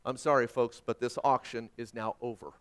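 A man's voice: medium pitch, steady tone, moderate pace, a bit bright, smooth, voice pushed down, natural voice. A man voicing a persistent male auctioneer who keeps calling for bids, within a sermon story. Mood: solemn. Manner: insistent, repeating calls for bids.

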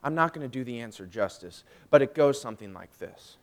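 A young man giving a personal faith testimony, emotional and swinging from hushed, drawn-out phrases to loud, emphatic ones. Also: mid-range voice, expressive. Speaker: student speaker giving testimony.

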